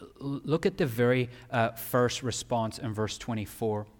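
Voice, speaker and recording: A male pastor preaching a sermon emphatically, swinging from loud peaks down to quiet. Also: medium pitch, measured pace. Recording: long hall reverb.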